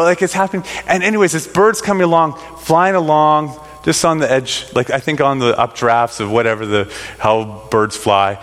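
Middle-aged male storyteller, animated and rambling, slightly high-pitched, with long hall reverb. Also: moderate pace, hardly any pauses. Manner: animated, rambling storyteller with many fillers and restarts. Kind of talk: personal storytelling to an audience.

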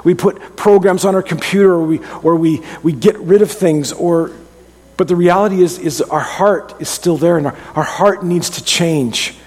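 A middle-aged man preaches a sermon as pastor, earnest and conversational, often restarting his sentences. His voice sits high with a darkish tone at a moderate pace, and a long hall reverb surrounds it.

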